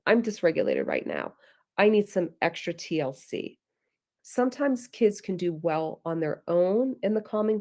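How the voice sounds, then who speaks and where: A middle-aged woman presenting a parenting webinar, earnest and direct, sometimes acting out gentle things a parent might say. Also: lowish voice. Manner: earnest, direct, addresses listeners as guys; acts out gentle parent phrases. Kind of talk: teaching webinar talk.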